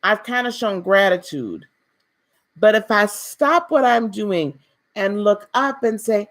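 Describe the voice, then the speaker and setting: Gentle woman giving a spiritual talk. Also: mid-range voice, lively intonation, slow. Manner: gentle, preacherly, repeats phrases for emphasis; speaks directly to viewers, calls them beloved. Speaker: spiritual teacher hosting a live stream.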